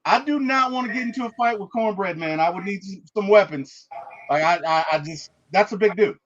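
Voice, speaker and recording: A man hosting a movie review, retelling the plot in an animated, emphatic way and checking in with "okay?" and "right?". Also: high-pitched, fairly quick, lo-fi sound.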